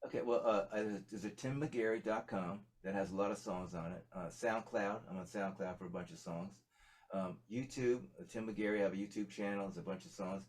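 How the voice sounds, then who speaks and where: This is a man speaking in a slightly low voice as a guest in a casual interview. He rambles and restarts his sentences, filling the gaps with "you know" and "um". His talk sounds loose and friendly. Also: a little fast. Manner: rambling, many fillers and restarts. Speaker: musician guest.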